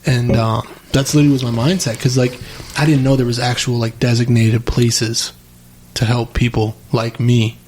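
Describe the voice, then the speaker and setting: A man's voice: mid-range voice, little pitch movement, normal speed, background noise. Blunt podcast host man saying "dude". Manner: blunt and profane, says "dude" a lot. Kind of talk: casual podcast conversation. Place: home basement studio.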